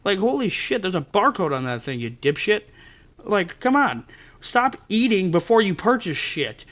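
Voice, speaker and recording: A man's voice: sits high, big pitch swings, moderate pace, fairly bright tone. A man hosting a podcast, telling customer-service stories in an exasperated, profane rant. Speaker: podcast host. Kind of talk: ranting storytelling.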